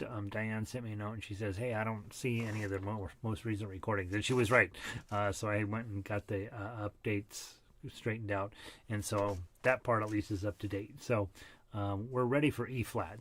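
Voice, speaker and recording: A man's voice: fairly low pitch, fairly even intonation, moderate pace. Breathless chatty harmonica teacher, man. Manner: chatty and self-deprecating, with fillers and laughs. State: short of breath. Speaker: harmonica ensemble leader. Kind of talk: casual online group lesson.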